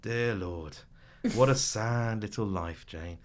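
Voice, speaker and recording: A man putting on a scornful man ranting at a dinner rival, delivered slowly and cuttingly. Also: fairly low pitch.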